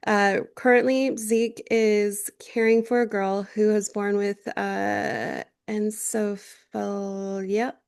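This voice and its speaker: A woman's voice: mid-range voice, level tone, slow pace, vocal fry, hardly any pauses, a little mellow, clear, resonant tone. A woman co-hosting a podcast in casual chat, rambling with lots of fillers and swearing freely. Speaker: podcast co-host.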